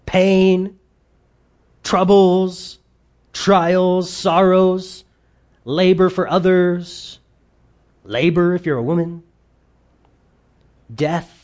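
Emphatic preacher with loud and quiet swings. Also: mid-range voice, fairly even intonation, drawn-out words, pauses often. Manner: reads scripture aloud in between explaining. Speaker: pastor. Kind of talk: sermon.

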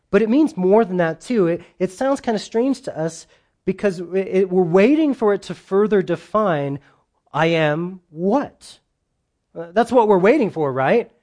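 A man's voice: high-pitched, darkish tone. Earnest, conversational male pastor preaching. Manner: earnest and conversational, with asides to listeners. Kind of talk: sermon.

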